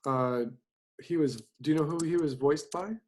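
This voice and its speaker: A man in his fifties who teaches animation speaks in a slightly mellow voice on the high side. Chatting casually over a video call, he rambles and halts, filling gaps with ums and restarting often.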